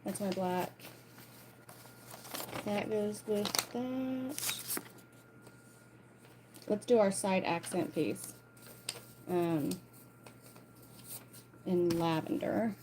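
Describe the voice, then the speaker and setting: A woman's voice: medium pitch, extremely slow, long pauses, noisy background. A woman leading a casual sewalong tutorial, chatting and thinking aloud as she plans and cuts her fabric pieces. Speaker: sewing instructor.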